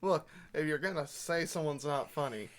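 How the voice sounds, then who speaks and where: A man's voice: a little high, normal speed, fairly bright tone. A man co-hosting a casual podcast, laid-back, laughing along and chiming in. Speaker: podcast co-host. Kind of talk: casual chat.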